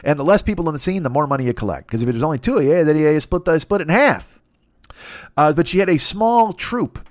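A man hosting a podcast, telling a crude comedic story in a rambling, profane way and often mimicking other people in high voices. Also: expressive, fast, no room sound. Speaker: podcast host.

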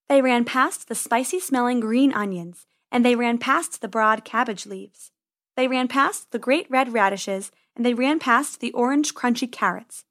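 A woman reading a children's story aloud in a gentle, expressive way. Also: on the high side.

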